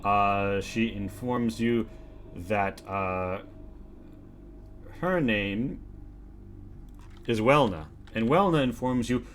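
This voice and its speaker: A man as game master, narrating and halting with fillers while he runs the scene. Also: on the low side, faint music behind.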